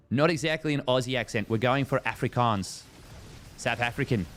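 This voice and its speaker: A man's voice: medium pitch, normal speed, a bit bright, a little hiss or hum. A man casting a strategy game match live, playful and joking, trying out voice and accent impressions as he talks. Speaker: esports commentator.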